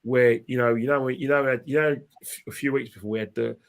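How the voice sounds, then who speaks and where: A man of ordinary pitch tells a football story in a casual podcast chat. He rambles, restarts his sentences and repeats phrases, and he is heated and impassioned as he goes. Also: steady tone, brisk. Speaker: podcast guest, football fan.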